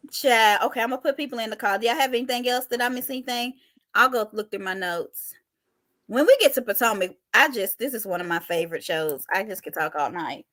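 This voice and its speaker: Woman, recap show host, high voice, casual chat, dry sound. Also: expressive, normal speed, long pauses, fairly bright tone, no echo. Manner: chatty, laughs often, jumps between topics.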